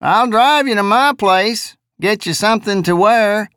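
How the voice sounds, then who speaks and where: A lazy, drawling driver from the backwater fringes of a settlement, as a male audiobook narrator puts him on, talking in a high, raised voice with a careless, offhand ease. The read sounds dry and close, with no room around it. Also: a little slow, fairly bright tone, clear, resonant tone, dry recording. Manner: offhand, casual.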